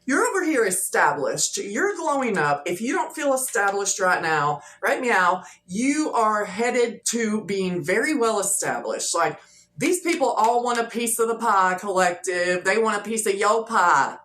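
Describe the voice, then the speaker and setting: A woman's voice: mid-range voice, expressive, unhurried, fairly bright tone. A woman giving a casual, chatty tarot reading to her viewers, talking loosely with lots of fillers and repeats. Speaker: tarot reader. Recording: echoey room with faint noise.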